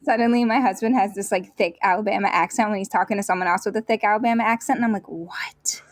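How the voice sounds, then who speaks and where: Relaxed woman from near Philadelphia. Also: medium pitch, very fast, a little hiss or hum. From Philadelphia area. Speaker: podcast co-host. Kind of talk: casual chat.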